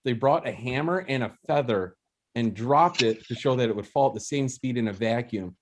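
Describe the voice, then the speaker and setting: A man's voice: mid-range voice, moderate pace, a little hiss or hum. A young man hosting an open mic over a video call, doing a rambling, self-mocking stand-up bit with frequent laughs and restarts. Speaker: open mic host and comedian.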